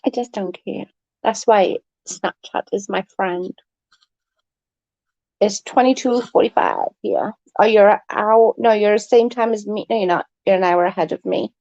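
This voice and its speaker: A woman's voice: mid-range voice, moderate pace, darkish tone, no echo, highs cut off. A woman chatting to viewers on a casual late-night livestream from her bed, rambling and swearing freely.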